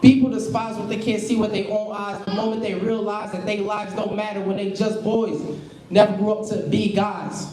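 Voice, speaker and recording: A man's voice: sits high, little pitch movement, moderate pace, a loud crowd. Young man, spoken word poet, rhythmic rhyming delivery, raw and intense, stage mic, echoey live room. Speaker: performing poet. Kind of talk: spoken word poetry performance. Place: live poetry venue stage.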